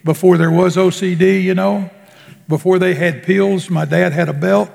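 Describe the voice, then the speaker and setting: Slow, gravelly preacher in a reverberant hall. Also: male voice, steady tone, a little mellow. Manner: slow, emphatic preaching with drawn-out words and sudden drops in pitch. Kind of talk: sermon.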